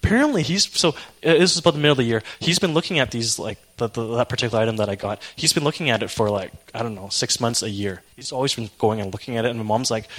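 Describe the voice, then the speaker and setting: A young man preaching a sermon, telling an emotional personal story in an animated way. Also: medium pitch, very fast, hardly any pauses.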